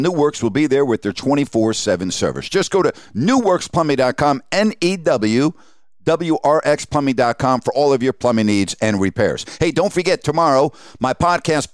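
A man's voice: medium pitch, dry recording, studio quality. Indignant radio host man ranting. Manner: indignant, emphatic, rhetorical questions. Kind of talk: opinionated sports rant.

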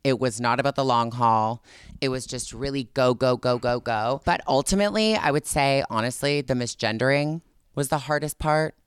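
A woman's voice: rumbling low, normal speed, smooth, no echo, clean studio sound. A woman co-hosting a podcast, talking in a casual, heartfelt and emotional way. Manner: emotional, heartfelt, chokes up with laughs. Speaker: podcast co-host. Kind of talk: casual chat.

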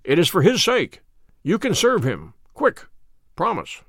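A man reading aloud, voicing a sharp, commanding detective with a crisp, authoritative manner. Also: high voice, wildly swooping pitch, measured pace, no echo, studio quality, full character voice.

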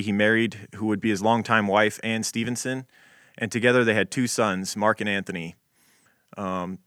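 A man's voice: on the low side, fairly bright tone, dry recording, clean studio sound. A man co-hosting a podcast in casual chat, rambling and laid-back, with lots of fillers. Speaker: podcast co-host.

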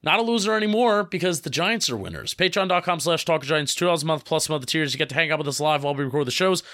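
A young man from New Jersey co-hosting a casual sports podcast, upbeat and excitable. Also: fairly high pitch, no room sound, studio quality. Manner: upbeat, excitable, hurried asides. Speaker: podcast co-host.

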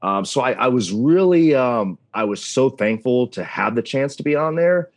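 Male guest, 30s, wrestling announcer; animated storyteller, mid pitch, voices the people he quotes. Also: moderate pace. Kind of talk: casual interview storytelling.

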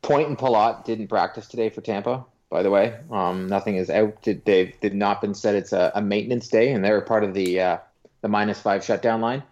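A man with a somewhat low voice, co-hosting a casual sports podcast with wry asides and halting restarts. The audio is a little muffled and lo-fi. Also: fairly even intonation, darkish tone. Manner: wry, conversational, a bit halting. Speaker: podcast co-host. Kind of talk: casual hockey chat.

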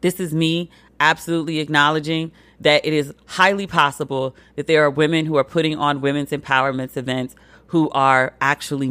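A woman hosting a solo commentary podcast, talking bluntly and profanely, and jumping up in pitch for emphasis. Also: no room sound. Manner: animated, swings pitch high for emphasis. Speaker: podcast host.

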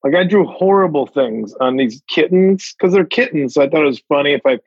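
A man's voice: fairly high pitch, lively intonation, a little fast, a little mellow, slightly rough, no echo, muffled recording. A man who is a comedian guest, joking and swearing in casual chat.

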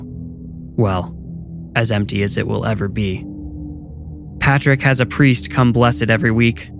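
A man narrating a scripted first-person horror story in a measured, low-key way. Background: music.

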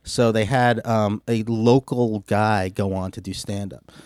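A male comedian guest telling stories in casual chat, animated and swearing freely, acting out the quotes. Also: lowish voice, measured pace, no room sound, clean studio sound. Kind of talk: casual storytelling.

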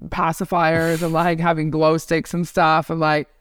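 A woman's voice: sits low, a little slow, clear, resonant tone. A young adult woman comedian on a podcast, telling stories bluntly and swearing freely. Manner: blunt, profane, animated storytelling. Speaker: comedian guest. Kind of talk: casual podcast chat.

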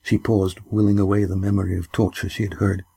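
Man narrator, audiobook, low voice, husky, measured. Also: level tone, mellow. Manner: measured storytelling. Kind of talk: scripted narration.

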